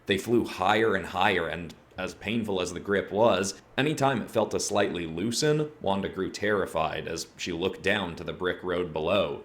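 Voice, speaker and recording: A man reads a horror story aloud with a steady, measured narrator's delivery. His voice sits very low, deep and grounded. He keeps an even storytelling pace.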